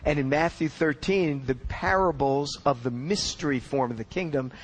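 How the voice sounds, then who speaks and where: A man's voice: on the high side, moderate pace, poor audio. A man giving an expository Bible teaching in an earnest, explanatory way, leaning on key words for emphasis.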